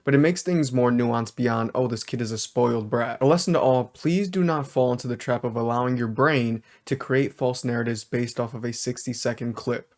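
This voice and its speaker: A man working as a social worker, hosting a reaction video and calmly explaining a clip while hedging his statements. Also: mid-range voice, moderate pace, few pauses.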